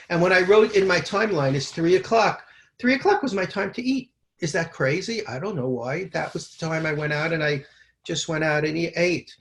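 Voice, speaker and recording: A man in his sixties, from New York, sharing his recovery story at a twelve-step meeting over a video call, moving from a halting read-out timeline into loose, candid talk. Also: a little high. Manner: halting, reads terse timeline then talks freely. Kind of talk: personal recovery share. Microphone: video call mic.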